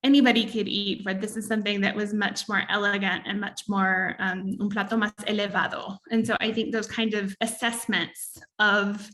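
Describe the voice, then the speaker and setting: A woman's voice: medium pitch, a bit bright. Woman giving an academic talk, full of ums. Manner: thoughtful, many ums. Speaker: author and speaker. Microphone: video call.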